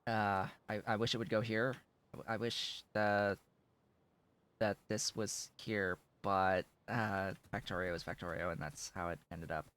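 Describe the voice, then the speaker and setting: A man's voice: on the low side, level tone, a little slow, a bit bright, smooth. A man streaming a factory-building game, mumbling casual commentary to himself while his voice is going. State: losing his voice.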